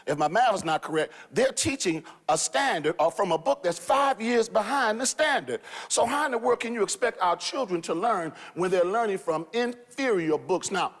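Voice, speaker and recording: A man's voice: sits high, expressive, normal speed, hardly any pauses, long reverb tail. A man, a reverend guest on a panel, arguing hard and often repeating his words with a preacher's fire. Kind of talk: heated panel debate.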